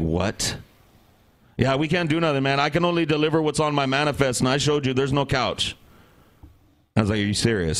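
A man on a podcast telling a rambling, exasperated story in casual chat, acting out the people he quotes. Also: medium pitch. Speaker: podcast co-host.

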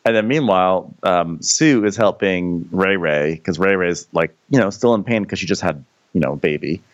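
A man's voice: deep voice, normal speed, dull audio. A man co-hosting a comedic TV recap podcast in casual chat, slipping into mock character voices. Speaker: podcast co-host.

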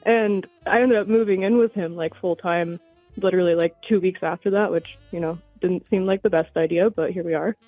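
A woman's voice: fairly low pitch, steady tone, brisk, no echo, soft background music. A young woman calling in to a show, out of breath, rambling with lots of filler words. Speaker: caller. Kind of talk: casual phone call. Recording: tinny phone line.

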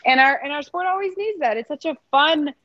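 A woman's voice: high voice, expressive, fairly quick, bright, forceful tone, muffled recording, a little hiss or hum. A woman co-hosting a casual sports podcast, speaking with emphatic enthusiasm. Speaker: podcast co-host.

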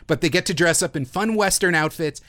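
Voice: medium pitch, a little fast, fairly bright tone. A podcast co-host chatting casually, wry and mocking in the asides. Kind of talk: casual chat.

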